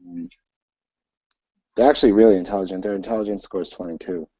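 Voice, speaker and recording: Low-voiced man running a tabletop game. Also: animated, gravelly, husky, no room sound, highs cut off. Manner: halting, lots of ums and restarts. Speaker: game master.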